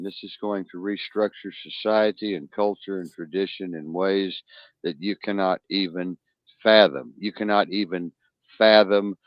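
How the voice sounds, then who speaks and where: Brief: emphatic podcast host, low voice, dry, muffled recording. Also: male voice, no echo. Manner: emphatic, warning, addresses the audience. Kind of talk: casual podcast talk.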